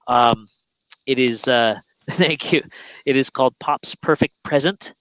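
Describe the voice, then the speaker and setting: A young man in a casual chat, a picture book author who retells his plot in a lively way and puts on small voices for the characters. His voice sits at a middle pitch, and the sound is dry and close, with little room around it. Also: unhurried, no echo, low-quality recording. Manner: animated storyteller, acts out his characters. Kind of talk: casual bookstore video chat.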